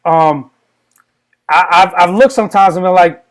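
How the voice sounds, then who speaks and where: A man's voice: high-pitched, moderate pace, pauses often, crowd noise. Rambling candid male podcast guest. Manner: candid, rambling, repeats words. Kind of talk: casual podcast chat.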